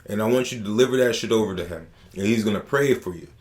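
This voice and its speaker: A man's voice: lowish voice, fast, darkish tone, close to an everyday voice. A man voicing God as an all-powerful male deity who talks in casual street slang, in his own everyday voice. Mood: brisk.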